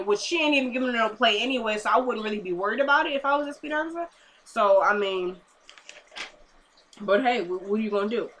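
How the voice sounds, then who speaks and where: A young woman recapping a TV episode in casual chat, animated and talking straight to her viewers. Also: on the high side, fast talker, a little hiss or hum. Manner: chatty, animated, addresses viewers as y'all. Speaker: TV episode reviewer.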